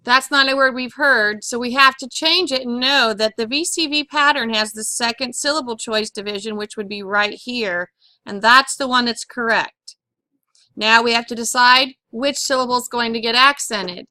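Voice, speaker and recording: A woman teaching a phonics lesson, spelling out letters one by one in a slow, deliberate way and clearing her throat now and then. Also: on the high side, steady tone, sharp tone, no echo. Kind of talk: classroom lesson on syllable accent.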